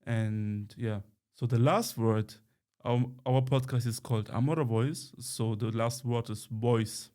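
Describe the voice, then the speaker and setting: A man whose first language is Romani, co-hosting a podcast in casual chat, pausing often with fillers and restarts. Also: medium pitch, steady tone, dark tone. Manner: hesitant, many fillers and restarts. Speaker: podcast co-host, journalist.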